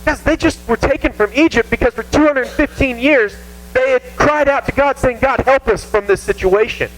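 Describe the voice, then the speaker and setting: A man with a Southern American accent preaching a casual, animated sermon to a youth group, poking fun at himself. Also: very high-pitched, normal speed, low-quality recording. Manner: animated, self-mocking, acts out whiny voices. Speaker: youth pastor. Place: church youth room.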